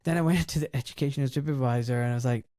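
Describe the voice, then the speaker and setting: A Scottish man in his fifties, a doctor and former surgeon, telling his story in an interview in a lively, outspoken way and acting out the voices he quotes. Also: medium pitch, rapid-fire, no room sound, studio quality. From Glasgow, Scotland.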